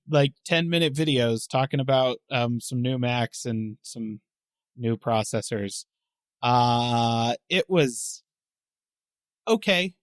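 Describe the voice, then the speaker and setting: A male co-host with a somewhat high voice chats casually on a podcast. His commentary is wry and sarcastic. The sound is dry and close. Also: no echo. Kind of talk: casual chat.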